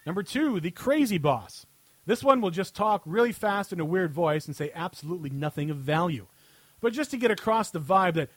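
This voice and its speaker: Man, high voice, sarcastic read-aloud, laughing often, dry close sound. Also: brisk, a bit bright, no echo. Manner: reads with frequent laughter, sarcastic. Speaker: podcast host. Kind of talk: mocking read-aloud of a satirical article.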